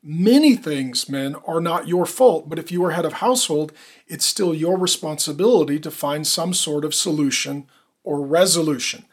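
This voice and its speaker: A man's voice: on the high side, normal speed, slightly rough. A middle-aged man preaching a sermon as a pastor, with an emphatic, repetitive cadence.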